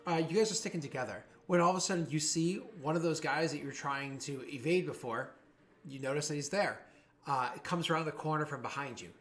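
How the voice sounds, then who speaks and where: A man narrating a tabletop game as game master, rambling with many fillers and restarts. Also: fairly high pitch. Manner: voices jeering thugs in a raised voice.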